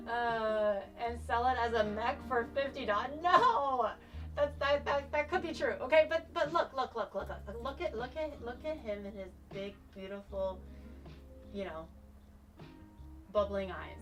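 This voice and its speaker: Woman streamer, high voice, playful, excitable, squeals and laughs, casual chat, faint music behind.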